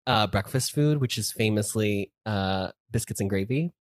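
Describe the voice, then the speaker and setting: A man's voice: fairly low pitch, moderate pace, a crowd in the background. A man co-hosting a podcast, joking and telling stories in casual chat. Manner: joking, playful, lively storyteller. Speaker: podcast co-host.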